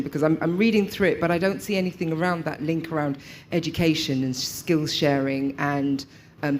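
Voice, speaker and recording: A woman's voice: low voice, a little mellow, slight background noise. A woman from London, a broadcaster, making an articulate contribution at a public meeting. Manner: articulate, laughs easily. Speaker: audience member, broadcaster.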